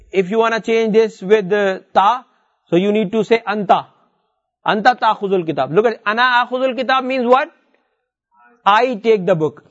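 High-voiced man teaching Arabic. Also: highs cut off. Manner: explains step by step, repeats words, reads Arabic verses aloud. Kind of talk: classroom lesson.

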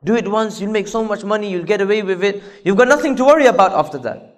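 A man putting on a sly tempting devil in a sermon, hushed and coaxing and low, dropping way under his usual high voice, all wheedling and smooth about getting away with it. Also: animated, quick pace.

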